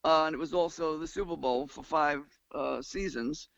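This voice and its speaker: Older Long Island musician, gravelly and animated, lo-fi dry recording. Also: male voice, on the high side, normal speed, no room sound. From New York. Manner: animated, sings and hums tunes mid-story. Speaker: musician guest. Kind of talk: casual interview storytelling. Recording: dull lo-fi dry sound.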